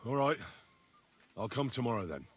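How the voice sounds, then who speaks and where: An earnest young squire, delivering his lines plainly and with sincerity. His voice is husky, at a middle pitch for a man. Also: lively intonation, moderate pace. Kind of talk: video game voice acting.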